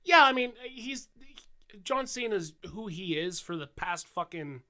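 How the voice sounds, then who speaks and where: A man's voice: sits high, animated, a little slow, bright, forceful tone. A man co-hosting a podcast, out of breath from being sick, chatting casually and explaining wrestling at length with a bit of swearing. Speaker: podcast co-host.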